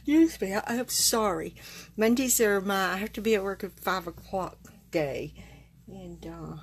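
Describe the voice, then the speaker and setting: A woman's voice: medium pitch, a little slow, a little hiss or hum. Chatty woman greeting viewers. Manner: chatty, greets viewers by name, frequent fillers and small laughs. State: a little tired. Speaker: card-making demonstrator hosting a live stream. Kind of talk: casual live-stream chat.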